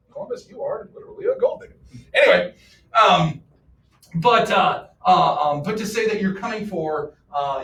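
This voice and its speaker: A man's voice: high-pitched, creaky. A man teaching a history class, joking around and firing questions at his students. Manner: animated, joking, fires off questions. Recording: echoey classroom, mic far off.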